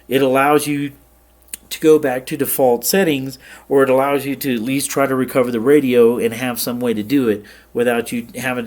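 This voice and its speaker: A man at mid pitch talks a viewer through software settings in an easygoing tutorial. He explains in a plain, relaxed way and stops now and then to check that the viewer is following. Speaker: ham radio tutorial host. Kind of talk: casual screen-share tutorial.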